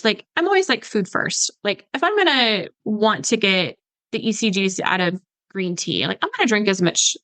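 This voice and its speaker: A woman's voice: mid-range voice, a bit bright, no room sound, rough recording. A woman dietitian in her thirties, a podcast guest explaining supplements in an easygoing way, with lots of "like" fillers. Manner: explanatory, many "like" fillers, mimics patients. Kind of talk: podcast conversation.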